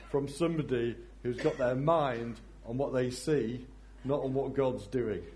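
A man preaching a sermon in a reflective way, often dropping to a soft voice for emphasis. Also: medium pitch, moderate pace.

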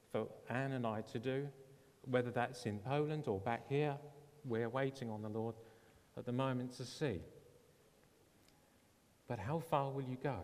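With a medium-pitched, darkish voice, a preaching pastor earnestly narrates a story in his sermon, giving voice to the people he quotes. Long hall reverb fills the recording.

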